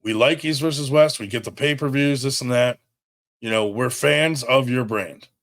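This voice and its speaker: A man's voice: medium pitch, moderate pace, fairly bright tone. Blunt swearing man on camera. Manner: blunt and heated, swears often, many restarts. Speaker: brand owner addressing a rival promoter. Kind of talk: direct-to-camera statement.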